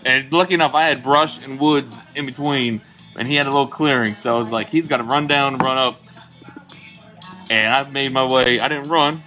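Blunt swearing man, bright tone. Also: medium pitch, steady tone, moderate pace, soft background music, rough recording. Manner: blunt, swears freely, drops his voice for emphasis. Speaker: podcast co-host. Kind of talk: casual chat.

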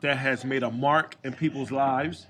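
A man's voice: medium pitch, steady tone, measured pace, sharp tone. Tipsy man with hesitant speech. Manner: hesitant, filler-heavy, slurring slightly. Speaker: podcast co-host. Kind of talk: casual bar talk.

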